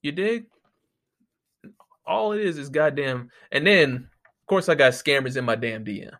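A man with a slightly higher than average voice rants into a close microphone, profane and exasperated. He tells his stories with mocking quoted voices in a loose, casual delivery. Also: animated, a little slow, fairly bright tone. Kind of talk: casual solo rant.

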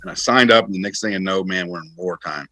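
Low-voiced veteran man, relaxed storyteller. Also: quick pace, low-quality recording. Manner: relaxed, rambling with fillers and self-corrections. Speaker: army veteran guest. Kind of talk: casual conversational storytelling.

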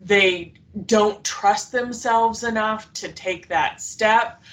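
A woman's voice: mid-range voice, slow, fairly bright tone, recorded from a distance, rough recording. A woman hosting an interview, replying to her guest with encouraging remarks. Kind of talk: conversational interview.

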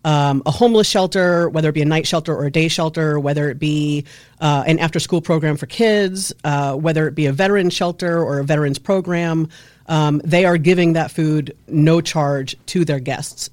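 A woman's voice: sits low, moderate pace, darkish tone, no echo. A woman from New York, a guest in a studio interview, explaining her nonprofit work in an upbeat, easy manner. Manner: upbeat, laughs easily. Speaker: guest, nonprofit regional head. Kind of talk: interview answers.

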